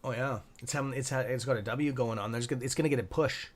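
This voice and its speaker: A young man hosting a live trading stream, reading chat and reacting with excitable, profane commentary and muttered asides. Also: medium pitch, fast. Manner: excitable, profane, talks to viewers by nickname; mutters asides to himself under his breath. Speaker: stock trading livestream host.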